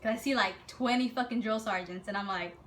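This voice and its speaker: A young woman telling a story in a casual, animated way, swearing freely and acting out what people said. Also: mid-range voice, a little fast, slight background noise. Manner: animated, profane, acts out quotes.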